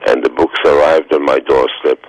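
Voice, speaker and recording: A man in his nineties, a radio interview guest, telling stories slowly and haltingly with many fillers, heard over a phone line. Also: a bass voice, steady tone, no echo. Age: 90s.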